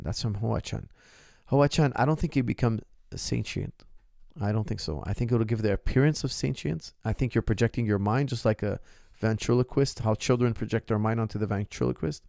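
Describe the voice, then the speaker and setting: Middle-aged man, martial arts coach, solo Q&A talk, gravelly fry in the voice, dry close sound, emphatic and repetitive. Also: lowish voice, fairly quick, a little mellow, dry recording. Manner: impassioned, emphatic repetition of phrases. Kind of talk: casual solo talk answering viewer questions.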